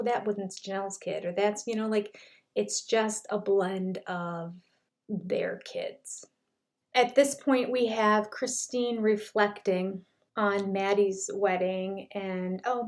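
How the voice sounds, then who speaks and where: A woman's voice: mid-range voice, darkish tone. Older woman chatting through a show recap. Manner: chatty, retells scenes with quoted dialogue. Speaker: reality show reviewer. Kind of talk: casual commentary.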